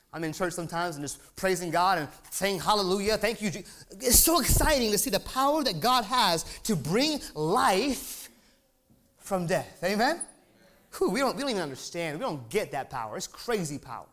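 Excitable high-voiced male preacher. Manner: excitable, emphatic, asks the crowd for amens; repeats words when fired up. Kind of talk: sermon.

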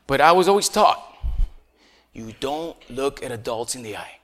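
A Puerto Rican pastor preaches a conversational sermon, chatty and full of rhetorical questions aimed at the congregation, chuckling often. His mid-range voice is animated, a bit bright and a little slow.

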